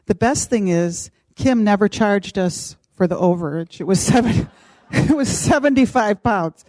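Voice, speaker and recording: A middle-aged woman casually telling a personal story, animated and acting out what others said. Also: medium pitch, unhurried, dry recording. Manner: animated, acts out quoted voices. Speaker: podcast co-host.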